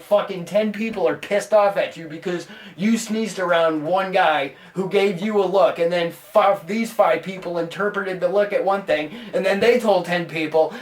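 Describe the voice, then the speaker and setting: A man hosting a podcast, telling a rambling, profane story in a casual, animated way. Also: high-pitched, roomy sound, far from the mic. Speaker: podcast host.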